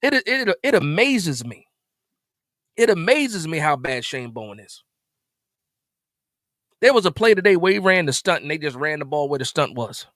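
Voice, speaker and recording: A man hosting a live stream, ranting in an exasperated way after a game, repeating himself and jumping suddenly louder. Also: a little high, very animated, normal speed, long pauses, no echo, clean studio sound. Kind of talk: animated post-game rant.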